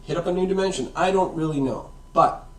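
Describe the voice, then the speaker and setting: A man's voice: a little high, fairly quick, a bit bright. A man giving a casual, rambling science explanation, often checking in with "right?" and "okay?". The sound is roomy and comes from away from the mic. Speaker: science video host. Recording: roomy echo, far from the mic.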